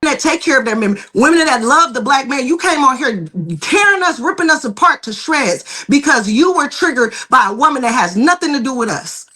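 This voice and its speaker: High, bright-voiced woman arguing sharply. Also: lively intonation, a little fast, hardly any pauses. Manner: cutting, lecturing, insistent. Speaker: panel guest. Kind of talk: heated debate.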